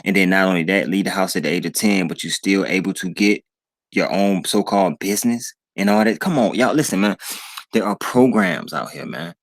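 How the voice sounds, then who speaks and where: Man, very deep voice, dry close sound, preachy casual commentary, keeps repeating himself. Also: a little fast, no echo. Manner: preachy, repeats himself, addresses viewers as y'all. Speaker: channel host.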